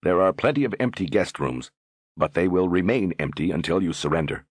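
A man's voice: low voice, animated, brisk, slightly rough, no room sound, studio quality. A man voicing a stern young lord who lectures firmly. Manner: firm, lecturing.

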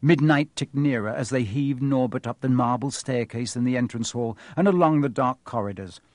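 A man reading a storybook aloud in a measured, expressive way. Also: medium pitch, dry recording. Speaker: audiobook narrator. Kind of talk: scripted storybook narration.

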